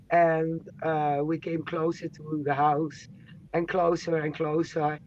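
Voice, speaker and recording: Man guest, slow and hesitant, muffled lo-fi audio with faint background noise. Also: fairly high pitch. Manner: halting, with hesitations. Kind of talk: casual chat. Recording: dull lo-fi line with faint noise.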